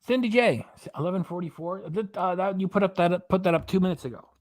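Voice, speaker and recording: A man's voice: high voice, fast talker, dry recording, clean studio sound. A man hosting a livestream commentary, sarcastic and scornful, rambling as he reads comments. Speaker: commentary channel host.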